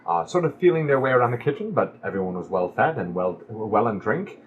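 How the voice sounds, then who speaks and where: Man doing a polite tavern matron, prim and formal, softer and lower than his narration. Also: big pitch swings, narrow, tinny audio, slight background noise. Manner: prim, formal, slow and soft. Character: genteel older woman tavern manager, polite.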